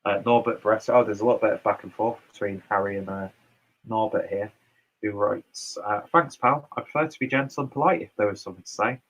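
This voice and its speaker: A man's voice: on the low side, a bit bright, muffled recording. Chatty man reading out viewer comments. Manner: loose and chatty, with fillers and asides. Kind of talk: casual chat reading comments.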